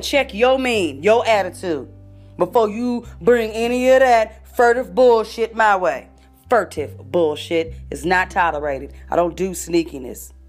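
A woman delivering a profane, confrontational rant straight at her listeners, swearing constantly and dropping fancy vocabulary words. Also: mid-range voice. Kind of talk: profane ranting monologue.

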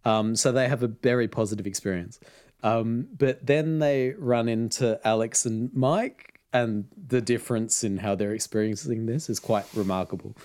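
A man's voice: medium pitch, moderate pace, darkish tone. A man casually retelling a story as podcast host, with frequent ums and laughs. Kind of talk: casual chat.

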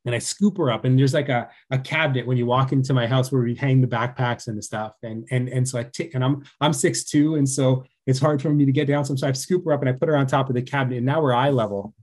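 A man in his forties with a mellow, darker tone tells a story from home in an earnest, conversational way. He often lowers his voice to a soft hush for the tender parts, speaking steadily at an ordinary pitch. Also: fairly even intonation, quick pace, few pauses. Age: 40s. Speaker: guest author and father.

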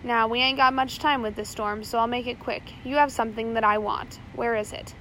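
A woman's voice: fairly high pitch, fairly even intonation, a little fast, sharp tone, a little hiss or hum, low-quality recording. A woman voicing a cunning, ruthless male pirate captain who gives curt, commanding orders in a storybook reading. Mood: threatening.

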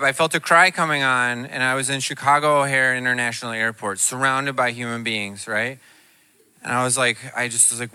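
A man doing a stand-up comedy set, telling self-deprecating stories in an animated way. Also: medium pitch, a little hiss or hum.

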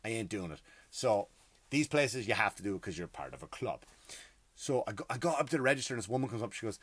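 A middle-aged host ranting about everyday hassles in an exasperated, profane, emphatic way. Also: male voice, medium pitch, fast, no room sound. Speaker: podcast host. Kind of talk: comedic rant.

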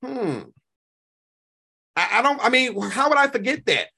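A man, hosting a live stream and reacting to chat in an animated, profane, talk-back way. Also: very high-pitched, measured pace, vocal fry, breathy edge. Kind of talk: casual live stream commentary.

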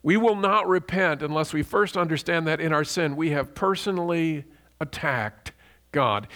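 A man preaching a sermon in an earnest, emphatic teaching manner, slowing down to stress repeated words. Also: high voice, pushed and bright.

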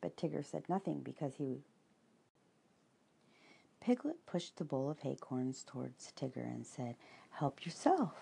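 A woman reads a children's storybook aloud, slow and gentle. Her voice is low, dark and husky with a gravelly edge. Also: low-quality recording. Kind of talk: storybook reading.

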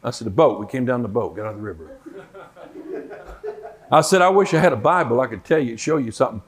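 Older male preacher, folksy storyteller, mid-pitched, acts out the voices in his story. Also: fast. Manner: folksy, animated storyteller acting out quotes. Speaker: Bible teacher. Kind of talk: sermon storytelling.

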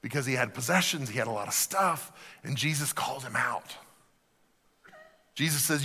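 A male pastor preaching a sermon in a church, animated and shifting down to soft emphasis. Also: medium pitch, normal speed, pauses often, husky. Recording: reverberant hall.

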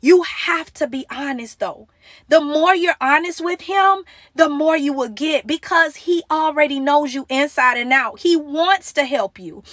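Emotional high-voiced young woman preaching. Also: a little slow, fairly bright tone, no echo, clean studio sound. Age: young adult. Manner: emotional, earnest, pleading. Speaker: motivational Christian speaker. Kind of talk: casual devotional talk.

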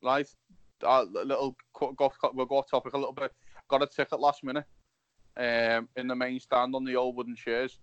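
A man in his thirties with a Liverpool accent, telling animated, sweary stories in casual chat. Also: mid-range voice, moderate pace, clear, resonant tone, dry recording, lo-fi sound. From Liverpool, England.

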